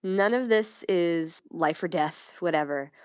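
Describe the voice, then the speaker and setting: A woman's voice: on the low side, measured pace, darkish tone, clear, resonant tone, dry recording, muffled recording. A woman guest in a casual podcast chat, talking candidly and playfully, with frequent laughs and restarts.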